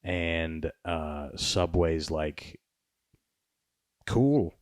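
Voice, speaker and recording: A man's voice: sits low, normal speed, dry recording, clean studio sound. A man hosting a podcast, chatting in a rambling, sarcastic way and swearing often. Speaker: podcast host. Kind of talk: casual podcast chat.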